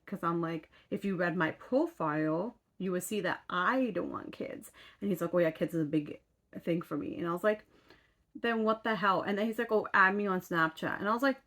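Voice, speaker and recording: A young woman from western Canada chatting casually to camera, rambling and full of fillers and asides. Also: fairly low pitch. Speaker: vlogger. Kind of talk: casual chat.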